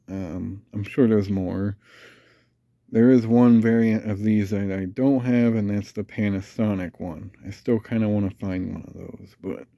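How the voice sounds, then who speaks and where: A man with a congested, stuffed-up voice talks in an easygoing, rambling way, thinking aloud with plenty of little fillers. His voice sits a little low and sounds very dark and mellow. He takes his time, drawling slowly through each thought. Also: no echo, clean studio sound. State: congested, nasal from a cold. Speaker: fan collector reviewing a vintage fan. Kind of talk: casual show-and-tell vlog.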